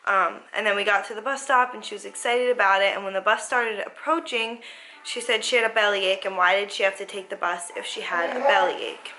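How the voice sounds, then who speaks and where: A woman's voice: mid-range voice, a little fast, pushed and bright, slight background noise, rough recording. A woman telling a family story in a casual vlog, rambling on with many fillers and acting out what everyone said. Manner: rambling retelling with many fillers and quoted dialogue. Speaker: mother vlogger.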